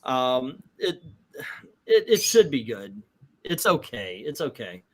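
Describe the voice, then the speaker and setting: A middle-aged man hosting a casual comic book livestream, animated and acting out quotes in little voices. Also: mid-range voice, slow. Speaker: comic book show host.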